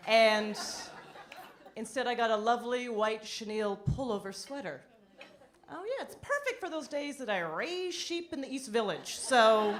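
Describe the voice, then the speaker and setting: A woman performing a stand-up comedy set on a club stage, wry and self-deprecating, breaking into animated impressions. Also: medium pitch, slight background noise.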